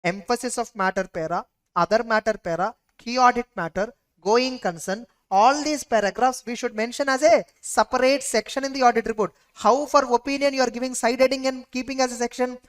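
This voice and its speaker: An audit lecturer with an Indian English accent gives an exam revision lecture in a fairly high, fairly quick voice. She speaks emphatically and keeps quizzing her students with rhetorical questions.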